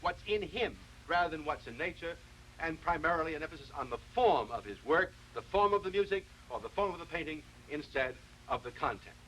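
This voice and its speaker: A man giving a televised philosophy lecture, explaining in a measured, deliberate way and often restarting his sentences. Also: on the high side, fairly bright tone, slight background noise, low-quality recording.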